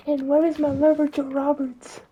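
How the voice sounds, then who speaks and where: A woman's voice: high-pitched, flat delivery, normal speed, dark tone, slight background noise, pitched above the performer's own voice, natural voice, low-quality recording. A woman voicing a sly old witch brewing potions in an improvised story, drawing out her words.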